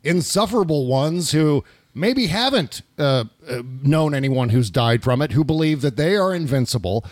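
An impassioned man hosting a political talk show, his voice sitting fairly high. He rants and swears freely in casual talk, recorded close and dry. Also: lively intonation, normal speed, a little mellow, no room sound.

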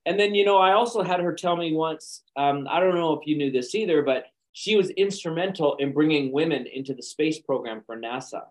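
A man, an actor and speaker, telling lively anecdotes in a podcast interview with frequent chuckles. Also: on the high side, brisk, few pauses, rough recording. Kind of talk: conversational storytelling.

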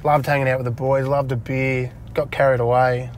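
A man's voice: medium pitch, flat delivery, normal speed, slight background noise. An Australian man telling stories in a casual interview, laughing often and acting out conversations in a raised voice. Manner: chatty, laughs often, acts out dialogue in a raised voice. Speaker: interview guest, retired footballer. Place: inside a parked car.

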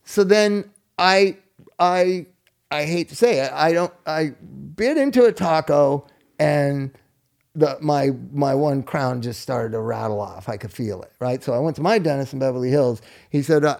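Gravelly man telling a lively story. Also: a little high, normal speed. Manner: animated storyteller, acts out quoted people. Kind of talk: casual chat.

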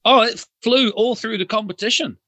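Bright-voiced New man telling stories. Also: high-pitched, normal speed, dry recording. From New Zealand. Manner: chuckling storyteller. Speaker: guest. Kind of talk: casual anecdote.

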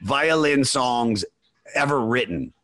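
Man, podcast host, mid-pitched voice, rambling casual chat, excitable, swears freely, dry close sound. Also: slow pace, dry recording.

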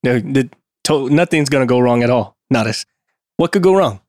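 A man's voice: medium pitch, expressive, normal speed, a little mellow, no room sound, studio quality. A man co-hosting a casual podcast, agreeing and adding his own view. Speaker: podcast co-host. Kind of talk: casual chat.

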